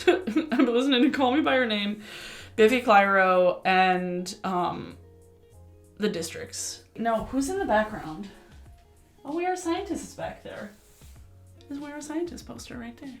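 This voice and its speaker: Young woman, chatty vlogger, rambling and prone to excited bursts, camera mic at home with faint music behind. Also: fairly high pitch, unhurried. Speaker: beauty vlogger. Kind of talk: casual get-ready-with-me chat. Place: her room at home.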